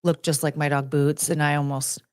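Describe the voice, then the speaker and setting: A woman streamer in casual chat, greeting viewers by name and rambling with giggles, fillers and restarts, jumping between high excited greetings and low mumbled asides. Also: brisk, clean tone, no room sound. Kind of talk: casual chat reading out chat names.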